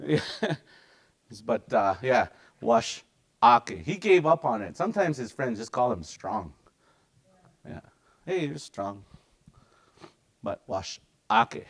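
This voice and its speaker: A middle-aged man leads a casual language lesson. He keeps his pitch at an ordinary middle height and drills each word slowly, over and over. Between the drills he chats loosely with the class. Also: sing-song, vocal fry. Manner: repeats words slowly for practice, chatty asides. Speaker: language teacher.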